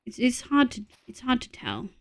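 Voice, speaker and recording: Brief: Australian woman, streamer, chatty and sweary, voice a touch high. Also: wildly swooping pitch, normal speed. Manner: chatty, swears freely, giggly. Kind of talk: casual live-stream chat.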